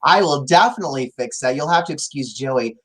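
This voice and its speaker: Young guy cohosting, campy and dramatic, swings his voice up and down, mid pitch. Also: lively intonation, brisk, breathy edge. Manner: campy, theatrical, crude jokes. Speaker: podcast co-host. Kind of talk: casual chat.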